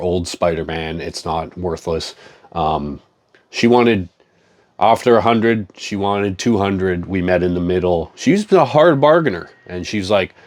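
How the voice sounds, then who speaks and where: A man in a profane, joking, rambling casual chat, talking as a comic collector. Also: low-pitched.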